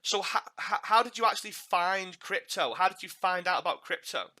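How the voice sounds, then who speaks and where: A man's voice: sits high, expressive, moderate pace, bright, forceful tone. A man from Liverpool with a toned-down Liverpool accent, hosting a podcast interview in a casual way, often stammering and repeating words. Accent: Liverpool, softened. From Liverpool, England. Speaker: podcast host.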